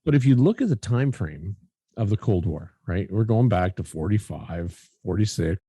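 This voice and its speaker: Man, podcast co-host, low husky voice, lively rambling, joking, dry close sound. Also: moderate pace, no room sound. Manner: joking, rambling, swearing casually. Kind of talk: casual chat.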